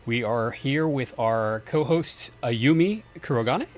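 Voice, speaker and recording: A man's voice: medium pitch, expressive, slow pace. A man hosting a convention panel, introducing it in an upbeat, welcoming way. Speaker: panel host and stream manager.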